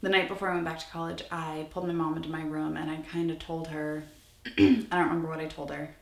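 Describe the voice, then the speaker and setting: A woman's voice: low voice, little pitch movement, quick pace. A woman in her twenties telling a personal story in a candid, conversational vlog, with lots of "like" fillers. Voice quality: creaky, gravelly. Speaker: vlogger. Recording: echoey room, slightly off-mic.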